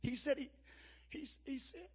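A man preaching a Pentecostal camp meeting sermon, rising to chanted shouts and dropping to a hush. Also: a little slow. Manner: shouting, chanting cadence at its peaks, then dropping low and hushed.

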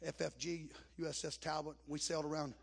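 A man preaching a Pentecostal camp meeting sermon, rising to chanted shouts and dropping to a hush. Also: flat delivery, a little fast, vocal fry, husky. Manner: shouting, chanting cadence at its peaks, then dropping low and hushed.

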